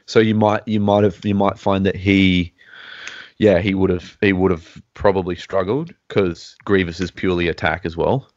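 A man's voice: low voice, steady tone, normal speed, dry recording. A man hosting a casual podcast chat, hesitant and full of restarts as he hedges his opinions. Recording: dull, lo-fi, dry sound.

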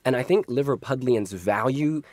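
A man as an interview guest, telling stories in a vivid, expressive way and laughing now and then. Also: mid-range voice, moderate pace, dry recording, clean studio sound. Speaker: guest author. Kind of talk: interview conversation.

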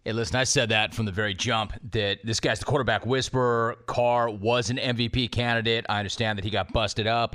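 A man hosting a casual sports talk show, talking in a quick, assertive way and often repeating himself. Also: mid-range voice, fairly bright tone.

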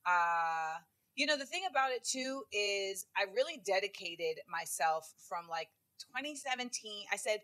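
A woman's voice: mid-range voice, expressive, a little slow, sharp tone. A woman comedian telling stories animatedly in a casual interview, with many fillers. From United States. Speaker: guest comedian.

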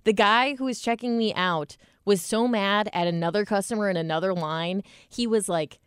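A woman's voice: medium pitch, normal speed, clear, resonant tone, no echo, clean studio sound. A woman chatting casually as a co-host, amused and chatty. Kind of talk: casual chat.

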